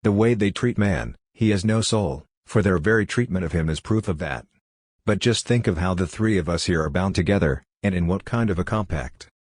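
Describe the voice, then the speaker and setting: A man reading the part of a wise, tender condemned male prisoner who speaks gently and philosophically. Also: deep voice, moderate pace, dry recording, studio quality.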